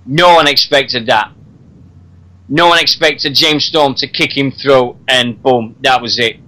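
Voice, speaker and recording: A man's voice: mid-range voice, steady tone, measured pace, pushed and bright, rough recording. A man hosting a radio talk show, chatting casually and laughing often. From Britain. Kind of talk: casual wrestling chat.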